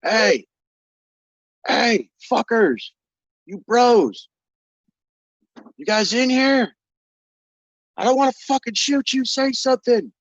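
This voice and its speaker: Man putting on a frantic young guy, high strained voice, yelling, loud, slightly dull sound. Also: slow, pauses often, no room sound, full character voice. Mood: calling out.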